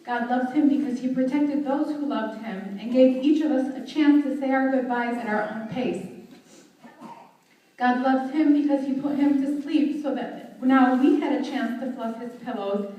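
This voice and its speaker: A young woman delivering a heartfelt, measured eulogy at a memorial service, recorded from a distance in a large hall. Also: high-pitched, highs cut off. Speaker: daughter giving a eulogy. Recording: very echoey hall, voice from far off.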